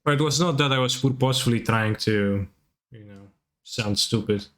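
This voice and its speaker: A man's voice: medium pitch, moderate pace, a bit bright. A man with a Russian accent casually commentating his card game on a live stream, answering chat and swearing offhandedly.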